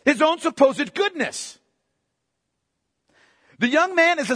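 A man preaching a sermon as pastor, swinging between loud emphatic bursts and hushed asides. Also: very high voice, big pitch swings, slow, pauses often, long reverb tail.

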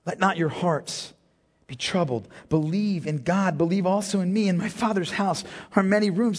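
A man preaching a sermon as pastor, impassioned, swinging from hushed tones to near-shouting and calling his listeners beloved. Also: high voice, normal speed. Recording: long reverb of a large hall.

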